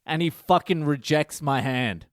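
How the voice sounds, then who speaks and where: Brash swearing comedian. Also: male voice, on the high side, a little slow, no room sound, clean studio sound. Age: middle-aged. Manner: swears constantly, brash and exaggerated. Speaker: comedian podcast host. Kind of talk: profane comic storytelling monologue.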